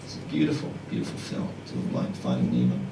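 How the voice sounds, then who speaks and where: A man's voice: very deep voice, fast, gravelly, far from the mic, noisy background. A man in his forties doing live stand-up comedy, chatting with the audience. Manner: animated, chatty crowd work with frequent asides to the audience. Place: comedy club in a pub. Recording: roomy live club audio with loud audience laughter.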